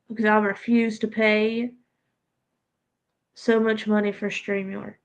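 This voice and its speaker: A woman hosts a casual livestream with a stuffed-up nose, talking to her viewers and her pets between remarks. Her voice is gravelly, with a low, even tone that hardly rises or falls. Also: a little slow, rough recording. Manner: chatty, talks to viewers and pets. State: congested. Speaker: livestream host.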